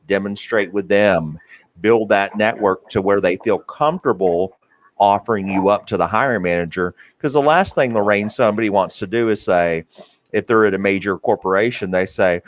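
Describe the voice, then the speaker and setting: A man's voice: on the low side, normal speed. A man hosting an interview about careers, talking earnestly with many fillers and restarts. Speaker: podcast host. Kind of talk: interview conversation.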